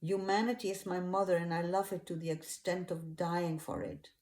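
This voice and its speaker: Woman doing a tormented man in prayer, higher and louder than her own voice, pleading, mellow tone. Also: fairly even intonation, normal speed, roomy sound, lightly acted. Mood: resolute. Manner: pleading, sobbing-edged outbursts. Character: anguished grown man praying in agony.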